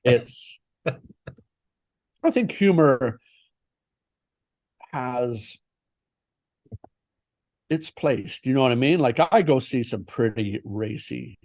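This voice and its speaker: A man's voice: medium pitch, expressive, a little mellow, no echo. Swearing man in dry casual chat. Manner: swears a lot, halting restarts. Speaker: tattoo artist guest.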